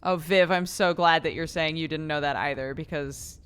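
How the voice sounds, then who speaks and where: A woman's voice: sits low, fairly even intonation, normal speed, fairly bright tone, clean tone. A woman streaming a video game, talking casually and swearing often in exasperated outbursts. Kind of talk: casual gameplay commentary. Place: home streaming setup.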